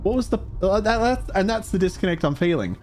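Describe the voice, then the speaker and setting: A man's voice: high-pitched, animated, fast, a little mellow, soft background music. A man streaming a video game, ranting in frustration and swearing, often trailing off in the middle of thoughts. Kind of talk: casual gameplay commentary.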